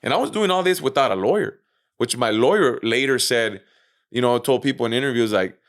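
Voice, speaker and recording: A man's voice: medium pitch, lively intonation, a little fast. A man being interviewed on a podcast, casually retelling his own story with lots of fillers, swearing and acted-out quotes. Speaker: interview guest.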